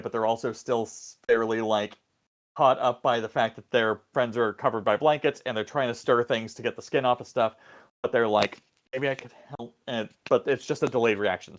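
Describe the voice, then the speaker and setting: A man narrating a tabletop role-playing game as game master, casual and rambling with many fillers. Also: on the low side.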